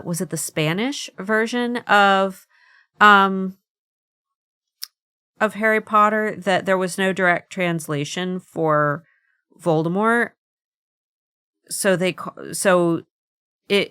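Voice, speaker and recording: A woman's voice: fairly low pitch, fairly even intonation, slow, long pauses, fairly bright tone, clear, resonant tone, no echo, clean studio sound. A woman co-hosting a podcast in casual, giggly chat with frequent restarts. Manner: giggly, chatty, with many restarts. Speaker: podcast co-host.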